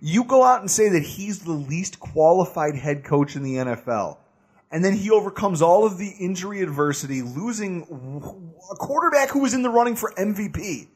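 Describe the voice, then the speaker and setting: A man with a high, husky voice tears into the topic on a casual sports podcast. His delivery is animated and full of laughter, swooping up and down in pitch as he rants. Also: normal speed. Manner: animated, ranting, laughs often.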